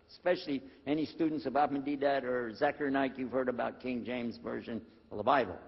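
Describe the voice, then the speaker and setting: An older American man telling his life story to an audience, acting out the dialogue with lively shifts. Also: a little high, slightly rough. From United States. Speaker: former preacher telling his conversion story. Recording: dull lo-fi recording in a reverberant hall.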